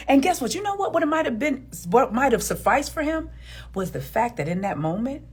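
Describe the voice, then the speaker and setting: Woman, husky voice, animated pitch, emphatic and preachy, opinionated video commentary. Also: normal speed. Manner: emphatic and preachy, repeats words for stress. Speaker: relationship commentator.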